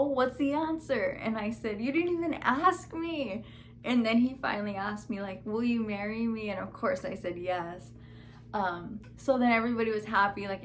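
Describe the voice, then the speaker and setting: A woman's voice: mid-range voice, a little hiss or hum. Chatty young woman telling a story. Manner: chatty, fillers like "like", quoted dialogue. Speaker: vlogger. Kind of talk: casual storytime chat.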